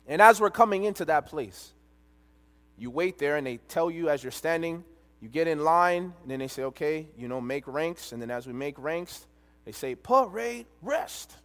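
A man preaching a sermon, telling a personal story with animated delivery and quoted dialogue. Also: a little high, normal speed. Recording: long reverb of a large hall.

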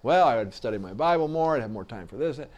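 A man teaching a class who talks haltingly, repeating words and fillers, then reads an article aloud in a classroom. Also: mid-range voice, lively intonation, a little mellow, dull audio. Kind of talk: classroom lecture and reading aloud.

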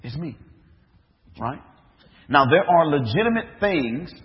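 A man's voice: a little high, very animated, slow pace. A man, a minister, preaching a sermon, telling a story with acted-out dialogue and rhetorical questions. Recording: dull echoey hall recording.

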